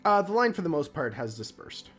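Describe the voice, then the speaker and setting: Dm guy narrating a tabletop game, relaxed and rambly. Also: a little high, fairly quick, faint music behind. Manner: laid-back, hesitant narration with many fillers. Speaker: dungeon master.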